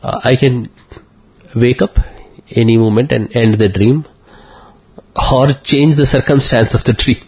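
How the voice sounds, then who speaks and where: Husky-voiced man telling an earnest story. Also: mid-range voice. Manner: earnest, halting, emotional. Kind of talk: personal storytelling. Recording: muffled lo-fi recording.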